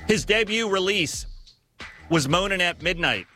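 A man giving scripted narration on music history in a measured, storytelling manner with occasional self-corrections. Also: high-pitched, animated, sharp tone.

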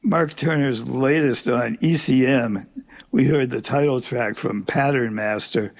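An older man hosting a jazz radio show, calmly announcing tracks and players with chatty, dry humorous asides. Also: medium pitch, gravelly. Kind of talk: relaxed on-air back-announcing.

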